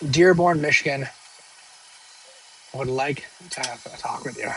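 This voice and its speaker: A man's voice: medium pitch, a little slow, a bit bright, slightly rough, poor audio. A young man streaming live, casually answering viewer questions in a rambling, joking way full of fillers and restarts. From northern United States.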